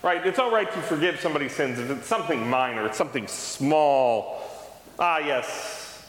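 A man's voice: on the high side, animated, brisk. A man preaching a sermon as pastor, telling a personal story in a conversational way and acting out the dialogue. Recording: roomy hall reverb, faint background noise.

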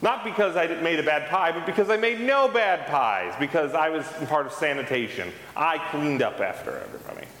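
A man's voice: on the high side, animated, a little fast, few pauses, a bit bright. A man preaching a sermon as pastor, telling a personal story in a conversational way and acting out the dialogue. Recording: roomy hall reverb, faint background noise.

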